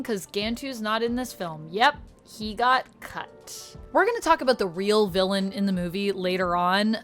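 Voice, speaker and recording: A young woman reviewing a film in a casual, chatty way, with sudden animated rises in her voice. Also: fairly high pitch.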